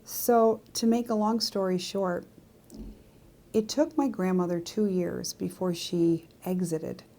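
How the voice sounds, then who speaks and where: A woman's voice: fairly low pitch, fairly even intonation, slow, warm tone. A woman, a psychic medium, telling a personal story to her viewers in a chatty, confiding way with frequent asides. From Greek descent. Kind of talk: casual storytelling to camera.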